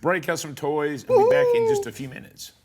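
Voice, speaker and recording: A man's voice: high voice, huge pitch swings, brisk, darkish tone, faint music behind. A man hosting a talk show, asking teasing questions in casual chat. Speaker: host.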